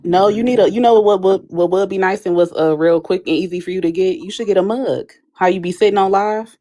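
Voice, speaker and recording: A woman's voice: mid-range voice, a little fast, warm tone. A woman guest on a casual livestream chat who talks in a chatty way and tells stories with animation.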